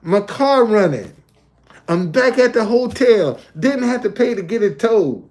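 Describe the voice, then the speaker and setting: A man's voice: high voice, lively intonation, a little slow, darkish tone. A man talking casually on a livestream from a hotel, looping back and repeating his points. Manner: repetitive, loose conversational, restates points. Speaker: live streamer.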